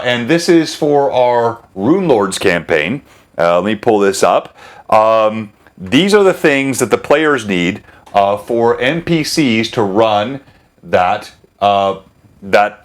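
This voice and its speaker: A man's voice: fairly low pitch, animated, slow pace. A man hosting a live stream as a game master, chatting casually, interrupting himself and laughing often. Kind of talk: casual livestream chat.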